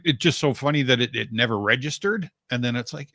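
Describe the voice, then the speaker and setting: A man co-hosting a talk radio show, chatting casually and acting out his own reactions in an animated way. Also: fast talker, no echo, studio quality. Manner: animated, acts out his own reactions with big pitch jumps.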